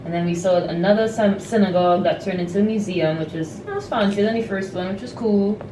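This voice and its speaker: A young woman recapping the day in a relaxed, hesitant way, with lots of fillers. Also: mid-range voice, quick pace, far from the mic. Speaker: travel companion. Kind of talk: casual chat. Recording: roomy, off-mic, noisy.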